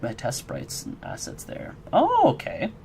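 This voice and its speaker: A man's voice: mid-range voice, huge pitch swings, a little slow, creaky, dark tone, slight background noise. A man streaming his game development work, chatting casually with viewers in a rambling, friendly, encouraging way and answering chat.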